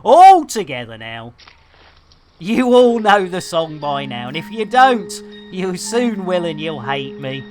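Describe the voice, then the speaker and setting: A woman's voice: fairly low pitch, lively intonation, a little slow, few pauses, a little mellow, faint music behind. A woman, chatting casually and self-mockingly while streaming a game, laughing and swearing mildly. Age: 50s. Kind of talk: casual live-stream chat.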